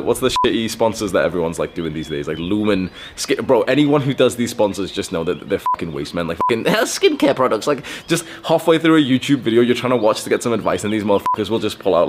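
A young man with a low, deep voice talks straight to the listener. He hosts a casual advice podcast and speaks bluntly, swearing freely and dropping slang. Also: background noise. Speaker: podcast host.

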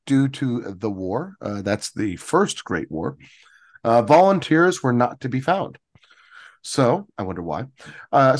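Rambling male podcast co-host. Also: mid-range voice. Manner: rambling, reads out local history with many fillers. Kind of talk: casual podcast chat.

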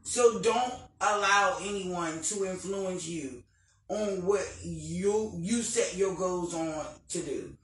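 A man's voice: high voice, slow, a bit bright. A man co-hosting a casual live-stream chat, earnest and motivational as he shares a quote. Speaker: podcast co-host. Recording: roomy, distant mic, faint noise.

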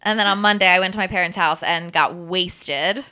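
A woman's voice: on the low side, moderate pace, sharp tone, smooth. A woman in her twenties, co-hosting a podcast and telling a story in casual chat, full of "like" and the odd swear. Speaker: podcast co-host.

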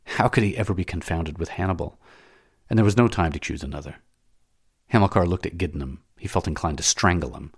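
A man reading a classic novel aloud as an audiobook narrator, in a measured, dramatic way. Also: low voice, vocal fry, breathy edge, dry recording, studio quality.

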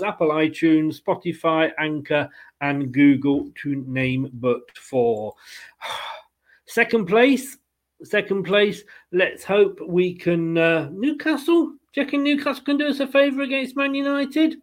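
Host: man, high voice, chatty and upbeat, laughs easily, casual football podcast banter.

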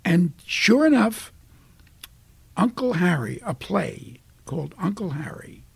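An older man from Brooklyn with a New York accent, a guest telling animated stories in a casual interview. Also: high voice, slow pace, creaky, slightly rough, dry recording. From Brooklyn, United States. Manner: animated storyteller acting out voices.

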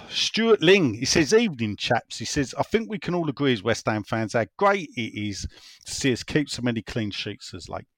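A man's voice: medium pitch, sing-song, normal speed, a bit bright. A man talks in a loose, conversational way. He circles back over his points and reads listener messages aloud in a mid-range voice. The sound is dry, with no room echo. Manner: rambling, conversational, repeats himself. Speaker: football podcast host reading listener messages. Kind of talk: casual chat.

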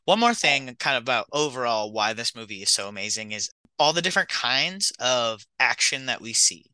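A man's voice: mid-range voice, lively intonation, brisk, bright, forceful tone, smooth, no echo, rough recording. A man co-hosting a film podcast in casual chat, enthusiastic and easygoing. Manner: enthusiastic, easygoing, laughs often. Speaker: podcast co-host.

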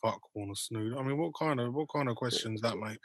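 A man's voice: medium pitch, a little fast. A man co-hosting a podcast, talking in blunt, incredulous casual banter. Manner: blunt, incredulous, says mate. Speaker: podcast co-host.

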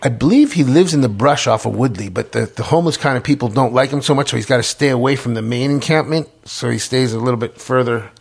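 A man's voice: mid-range voice, fast talker, hardly any pauses. A middle-aged man telling his story in a casual interview, stumbling over repeated words and restarts. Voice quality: gravelly, husky, many repeated words and restarts.

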